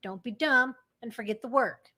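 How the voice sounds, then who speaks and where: A woman co-hosting a recovery stream in casual chat, upbeat and playful, cheering people on with quick interjections. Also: on the high side, bright, forceful tone.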